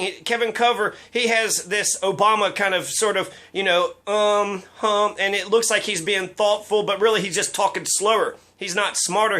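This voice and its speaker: A man's voice: sits high, pushed and bright. A man giving casual political commentary on local election results, blunt, sarcastic and given to swearing.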